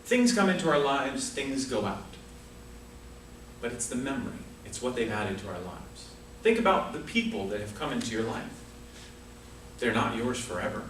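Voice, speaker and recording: A man's voice: mid-range voice, sing-song, moderate pace, fairly bright tone, slight background noise. A man giving a prepared humorous speech at a speaking club, telling a story with comic asides. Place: club meeting room. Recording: echoey room from far off.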